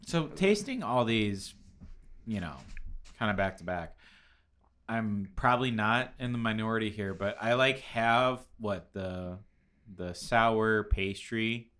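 Bright-voiced young man hosting a podcast. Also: fairly low pitch, lively intonation, slow, clean tone. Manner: steers the talk, laughs easily. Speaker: podcast co-host. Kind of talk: casual podcast chat.

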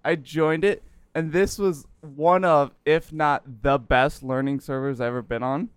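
A man's voice: on the high side, fairly even intonation, measured pace, smooth, dry recording. A young man co-hosting a casual gaming chat, telling long stories with many restarts. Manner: rambling storyteller, restarts often. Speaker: podcast co-host.

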